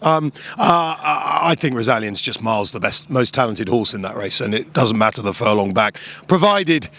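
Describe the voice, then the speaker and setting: A man's voice: mid-range voice, expressive, moderate pace, creaky, sharp tone. A man chatting as a guest outdoors at a racecourse, wry and teasing, with blunt opinions. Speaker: racing presenter guest. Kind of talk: casual chat.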